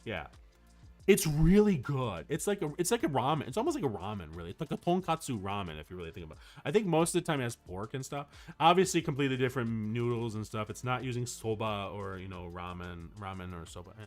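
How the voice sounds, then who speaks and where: Male streamer, casual chat, expressive swooping voice, faint music behind. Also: medium pitch, fairly quick. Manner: animated storytelling with frequent restarts.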